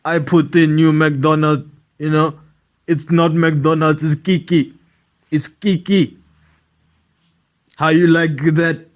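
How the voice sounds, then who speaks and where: A man playing a smug older Russian strongman leader, talking in slow, clipped broken English. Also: a little high, little pitch movement, lo-fi sound.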